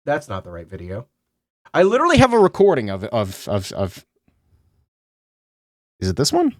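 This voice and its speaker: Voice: medium pitch, wildly swooping pitch, normal speed, no echo, clean studio sound. Rambling, swearing game streamer. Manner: rambling, self-interrupting, swears. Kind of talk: casual game commentary.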